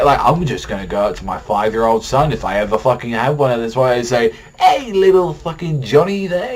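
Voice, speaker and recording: A young man casually reviewing a manga chapter in a rambling, profane, worked-up way. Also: mid-range voice.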